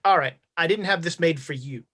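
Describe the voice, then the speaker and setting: A woman's voice: low-pitched, fairly quick, fairly bright tone. A woman playing a shrewd old-west town founder. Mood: cordial. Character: shrewd male town founder, cordial and calculating. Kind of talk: tabletop game character voice.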